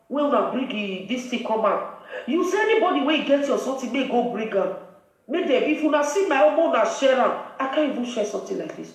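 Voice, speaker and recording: A woman with a Nigerian accent, hosting a live video and scolding in a preachy, emphatic way. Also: high voice. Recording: very echoey room, voice far from mic.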